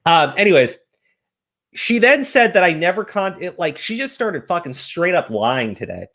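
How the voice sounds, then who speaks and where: A man's voice: sits high, big pitch swings, normal speed, a bit bright. A man ranting profanely in casual stream commentary.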